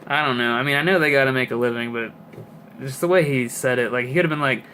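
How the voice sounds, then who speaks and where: A young man in his late twenties talks casually through his latest toy finds at a middling pitch. He rambles, loads his speech with fillers and drifts into asides. A faint hiss of noise sits under the recording. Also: steady tone, fast talker, sharp tone. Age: 20s. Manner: rambling, filler-heavy, chatty. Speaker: toy collector vlogger. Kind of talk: casual chat.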